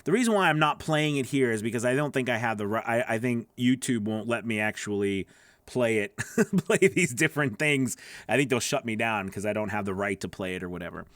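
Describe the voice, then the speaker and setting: A man's voice: mid-range voice, animated, a little fast, a bit bright, dry recording. A man coaching voice actors in a casual, conversational teaching talk with plenty of asides. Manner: conversational, lots of fillers and asides. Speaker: voice acting coach.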